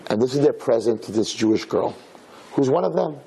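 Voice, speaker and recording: A male rabbi telling a story in a sermon, animated and acting out voices, with Hebrew and Yiddish terms mixed in. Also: mid-range voice, fairly quick, vocal fry, slight background noise, low-quality recording.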